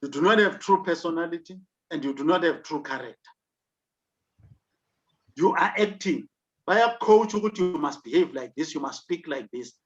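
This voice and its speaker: A man's voice: on the high side, expressive, normal speed. A South African man giving an online leadership lecture, emphatic, with rhetorical questions. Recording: dull lo-fi recording.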